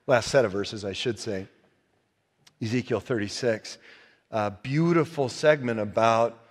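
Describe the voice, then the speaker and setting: A male pastor preaching a sermon, animated and joking, swinging from quiet asides to loud emphatic points. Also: medium pitch, big-room sound. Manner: joking, laughs at own stories. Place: church sanctuary.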